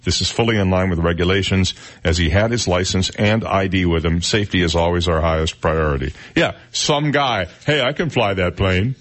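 A man's voice: deep voice, expressive, brisk, fairly bright tone. A man hosting a radio talk show, chatting and joking as he reads out news stories.

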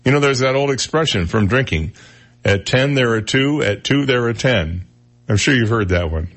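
A man's voice: mid-range voice, animated, fairly bright tone. A man hosting a casual radio talk show, telling odd news stories with jokey asides. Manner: chatty storyteller, jokey asides, quick impressions. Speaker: radio host.

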